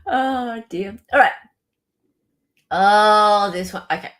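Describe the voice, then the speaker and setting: An Australian woman hosts a live stream and keeps up a joking, chatty banter. Her pitch sits in the middle range for a woman, and she drops in quick asides and apologies as she talks. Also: a bit bright. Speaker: livestream host. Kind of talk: casual live-stream chat.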